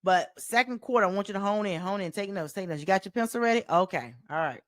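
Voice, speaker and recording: A woman with a light Southern US accent talks straight into a close mic, coaching her podcast listeners. Her delivery is animated and folksy, and she repeats key phrases like a preacher driving a point home. The sound is dry, with no room echo. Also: mid-range voice, fast talker. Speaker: life coach and podcast host. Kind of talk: solo motivational podcast talk.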